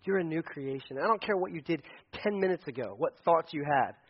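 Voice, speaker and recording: High-voiced male pastor preaching animatedly. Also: fairly quick, slightly rough, highs cut off. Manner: animated, acts out voices in quotes, frequent restarts. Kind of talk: sermon. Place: church sanctuary.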